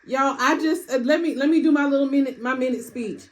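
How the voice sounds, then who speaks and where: Halting, tearful woman on a video call. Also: sits high, low-quality recording. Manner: emotional, halting, laughing and tearful. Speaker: new doctoral graduate. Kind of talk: casual thank-you speech.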